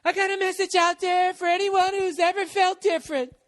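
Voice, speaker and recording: A man mocking a preachy pop diva in falsetto. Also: little pitch movement, a bit bright. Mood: mock inspirational. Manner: mocking falsetto with drawn-out dramatic pauses. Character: self-important female pop star preaching to a crowd.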